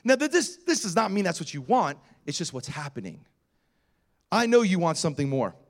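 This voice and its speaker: A man preaching a sermon as pastor, telling personal stories in an animated way with self-deprecating humor. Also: high-pitched, a little fast.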